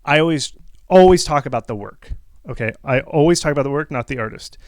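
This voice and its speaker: A man's voice: mid-range voice, expressive, brisk, no echo. A man hosting a game-marketing talk, rambling through casual advice with many restarts and acted-out upbeat feedback lines.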